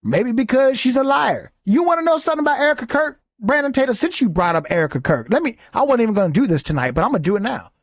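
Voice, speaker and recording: A man's voice: extremely high pitch, sing-song, very fast, few pauses, no room sound, studio quality. A man hosting a podcast, giving a heated, taunting, profane commentary monologue. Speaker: podcast host.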